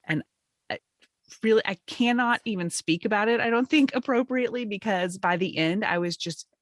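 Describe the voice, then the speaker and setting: A woman's voice: medium pitch, moderate pace. A middle-aged woman co-hosting a podcast, chatting enthusiastically and laughing often. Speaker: podcast co-host. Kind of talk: casual chat.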